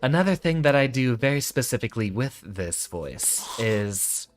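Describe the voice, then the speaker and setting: Speaking from deep in the back of his throat, a streamer chats casually about voice technique, his melodic phrasing falling at each sentence's close. He's highly animated and talks at a moderate speed over light background noise.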